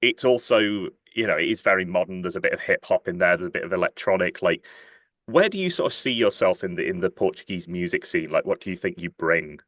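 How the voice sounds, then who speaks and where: A man's voice: low-pitched, expressive, fast talker, fairly bright tone, dry recording, studio quality. A man hosting an interview in an upbeat, chatty way, laughing often. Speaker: interviewer, host. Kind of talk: casual interview chat.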